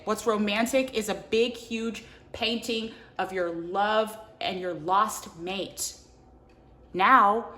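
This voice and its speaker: A woman reviewing a book in an animated, casual way, full of "like" and quick acted-out character lines. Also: medium pitch. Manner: animated, filler-heavy, acts out characters' lines.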